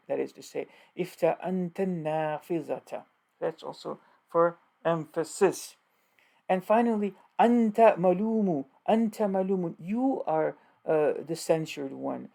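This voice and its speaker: Man, grammar teacher, gravelly voice, mellow tone, halting, many fillers, repeats examples. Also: fairly high pitch. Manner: patiently repeats and translates examples. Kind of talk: informal grammar lesson.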